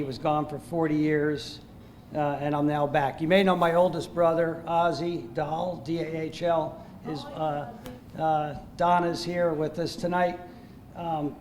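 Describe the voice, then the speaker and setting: An older man speaks to a gala crowd in a slightly high voice, halting and full of fillers. He sounds self-deprecating, and faint room noise sits underneath. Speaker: guest speaker at a gala, Army veteran. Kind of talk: informal remarks to an audience. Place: banquet hall at an evening gala.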